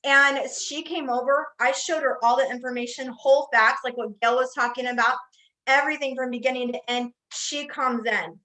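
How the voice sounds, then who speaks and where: A woman's voice: high voice, fairly even intonation, normal speed, bright, forceful tone, low-quality recording. An older woman giving a motivational talk on building a sales team, telling personal stories with emphatic repetition. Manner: emphatic, storytelling, repeats phrases for effect. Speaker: network marketing speaker.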